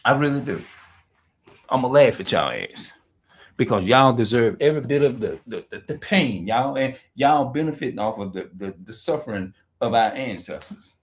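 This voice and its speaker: A man talking off the cuff on a livestream, rambling and profane, repeating and restarting his words, and reading aloud slowly with stumbles. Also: medium pitch, expressive. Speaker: livestream host. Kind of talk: unscripted livestream monologue.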